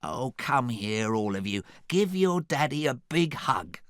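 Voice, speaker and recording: A man voicing a chatty male donkey who fusses and chatters excitably. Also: medium pitch, unhurried, dry recording, clean studio sound, pitched above the performer's own voice. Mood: fussing.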